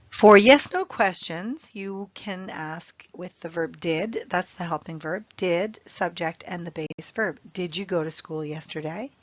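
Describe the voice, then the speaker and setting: A woman teaching an English grammar lesson, speaking clearly and repeating example phrases for learners. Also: on the low side, no room sound, dull audio.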